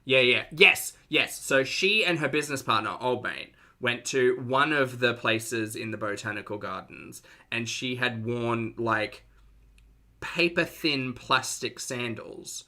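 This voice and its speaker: A man's voice: mid-range voice, measured pace, pushed and bright. A man with an Australian accent, giving sarcastic, chatty reaction commentary on a live stream and reading out chat messages.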